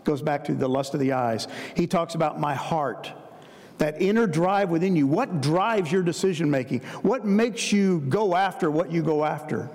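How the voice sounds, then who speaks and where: A man's voice: a little high, normal speed, a little mellow, in a large hall. A man preaching a sermon in an earnest way, building his points through repeated emphatic phrases and talking to the listeners as guys.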